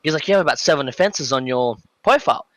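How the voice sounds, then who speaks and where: Young Australian man, quick talker, bright voice, dry close sound, animated storyteller. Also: mid-range voice, no echo. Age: young adult. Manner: animated, acts out dialogue, many fillers. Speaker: podcast guest. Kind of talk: casual storytelling.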